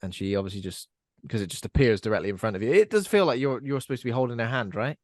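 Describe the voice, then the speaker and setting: A man's voice: mid-range voice, animated, fast talker, darkish tone, no room sound. Chatty man with a dry close sound. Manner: chatty, asks co-hosts questions. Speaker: podcast host. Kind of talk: casual film discussion.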